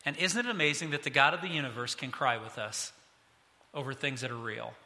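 A man's voice: medium pitch, a little fast, bright, forceful tone. A man in his fifties, a pastor preaching a sermon in a conversational, self-deprecating way. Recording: long hall reverb.

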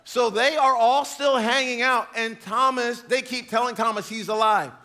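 Animated, joking male preacher. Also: very high voice, normal speed. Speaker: pastor. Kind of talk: sermon.

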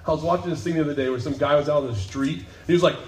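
A man preaching a sermon to a congregation, telling the story with jokes and acted-out voices before turning low and solemn. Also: racing, roomy sound, rough recording. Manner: animated, joking storytelling that drops to a low, solemn tone. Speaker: pastor. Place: church sanctuary.

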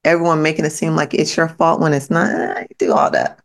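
A podcast host with a low, very animated voice speaks a little fast in a blunt, profane motivational monologue. Delivering it as a pep talk, she repeats her points emphatically, straight at the listener.

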